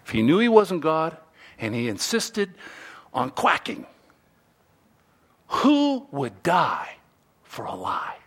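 Give me a lively, high-pitched male preacher. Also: takes it slowly, long pauses. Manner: animated, playful storytelling with acted-out quotes. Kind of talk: sermon.

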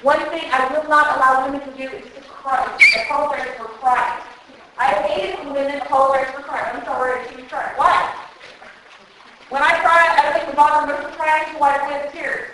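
A woman's voice: sits high, steady tone, a little fast, bright, forceful tone. A woman preaching at a women's conference, earnest and emotional, speaking straight to her audience through a microphone. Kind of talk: sermon. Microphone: handheld microphone. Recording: very echoey hall.

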